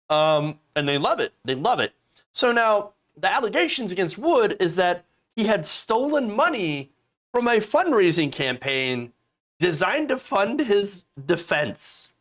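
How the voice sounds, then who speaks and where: A man hosts casual political commentary. His delivery is sarcastic and full of mockery. His pitch swings widely as he talks. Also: sing-song, measured pace, a bit bright. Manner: sarcastic, mocking voices of opponents.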